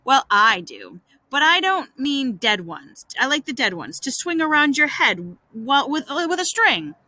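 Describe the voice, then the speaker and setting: An eager, boastful schoolboy from a storybook, coaxing and bragging in a bright, lively voice, as a woman reads him aloud. The delivery is dry and close, with the pitch bouncing high as he pleads. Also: unhurried, no echo, full character voice. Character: boastful young schoolboy smitten with a girl.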